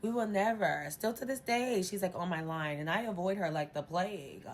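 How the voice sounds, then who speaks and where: A young woman telling a story in a casual storytime vlog, animated and profane, acting out quotes. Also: fairly low pitch, moderate pace. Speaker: storytime vlogger. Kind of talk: casual storytime while eating.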